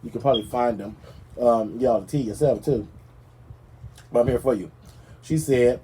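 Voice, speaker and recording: Sassy, animated man hosting a gossip show. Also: mid-range voice, normal speed, long pauses, slightly rough. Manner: animated, sassy storytelling with dramatic asides. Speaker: podcast host. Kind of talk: casual gossip commentary.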